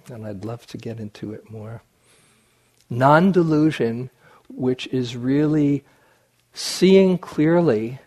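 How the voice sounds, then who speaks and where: A man giving a dharma talk as a meditation teacher, reflective and unhurried, speaking to an audience in a meditation hall. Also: mid-range voice.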